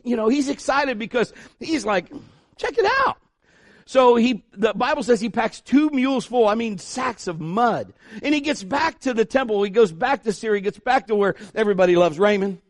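High-voiced animated preacher man. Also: no echo, clean studio sound. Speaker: pastor. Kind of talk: sermon.

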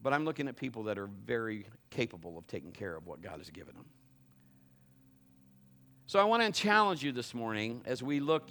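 Middle-aged man, pastor, sermon, animated storyteller, lively pitch, bright tone. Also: a little fast, faint music behind.

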